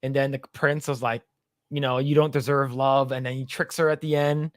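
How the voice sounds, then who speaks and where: A man's voice: mid-range voice, level tone, normal speed, dry recording, studio quality. A man co-hosting a casual podcast chat, rambling with many fillers and laughing as he retells jokes. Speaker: podcast co-host.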